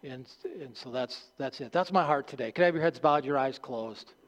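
A male pastor preaching a sermon, earnest and halting, restarting phrases and dropping low at the ends of lines. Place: church sanctuary. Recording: long hall reverb.

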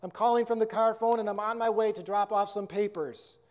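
A man's voice: high-pitched, fairly even intonation, fairly quick, natural voice. A man voicing a cold, curt husband who is leaving his family, speaking abruptly and dismissively.

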